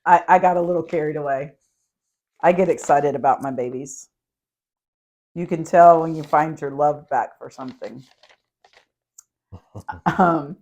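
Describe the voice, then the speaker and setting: A woman's voice: deep voice, a little slow, pauses often. A young adult woman on a podcast, a teacher telling classroom stories in casual chat, laughing often and acting out the kids. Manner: animated storytelling, acts out kids' voices, laughs often.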